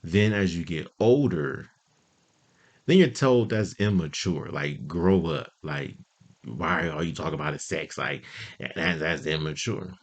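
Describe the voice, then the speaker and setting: A man with a low voice tells casual, profanity-laced stories to the listener. He talks loosely, with lots of fillers, and keeps an animated energy. His pitch leaps far up when he acts out his friends. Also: a little slow. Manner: jumps much higher when quoting friends. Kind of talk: casual storytelling monologue.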